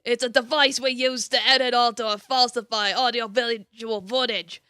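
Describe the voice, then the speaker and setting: A woman voicing an irritable old crone who runs an office, in a gruff put-on hag voice with a curt, scolding manner. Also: on the high side, fairly even intonation, moderate pace, bright, forceful tone, no echo, clean studio sound.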